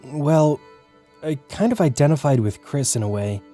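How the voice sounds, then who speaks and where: A man voicing a soft-spoken café owner. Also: a little high, expressive, normal speed, faint music behind, close to an everyday voice. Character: calm male coffee shop owner, quiet and content.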